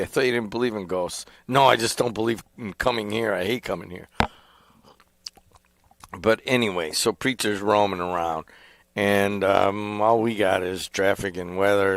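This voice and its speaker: A man's voice: on the low side, gravelly, a bit bright, no room sound. A middle-aged man, a radio station owner and host rambling casually on air from a small studio. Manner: rambling, conversational storytelling. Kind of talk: casual talk radio chat.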